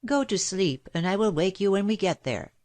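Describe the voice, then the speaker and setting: A woman reading aloud, voicing a stout, rough but kindly old market woman with a gruff, authoritative manner. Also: mid-range voice, animated, normal speed, darkish tone, close to an everyday voice. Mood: brusque.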